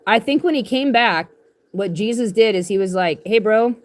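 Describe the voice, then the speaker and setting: A woman's voice: medium pitch, lively intonation, normal speed. A woman streaming live from a tent, rambling irreverently in a casual, swearing comic chat. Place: in a tent, sitting on her bed.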